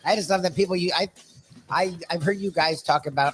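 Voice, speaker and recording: Laid-back, slightly high-voiced male co-host. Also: a little fast, soft background music. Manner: laid-back, laughs easily, curses casually. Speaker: radio co-host. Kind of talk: casual radio chat.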